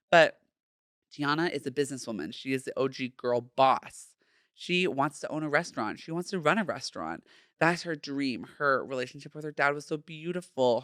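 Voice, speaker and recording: A man's voice: medium pitch, fairly bright tone, smooth, dry recording, clean studio sound. A man in his thirties hosting a casual solo podcast, sassy and playful, full of slang. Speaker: podcast host.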